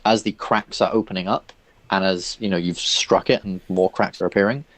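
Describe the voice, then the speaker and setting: Brief: male dungeon master, deep-ish voice, rambling descriptive narration. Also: steady tone, normal speed, dry recording. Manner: loose, filler-heavy descriptive narration. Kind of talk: narrating a tabletop game.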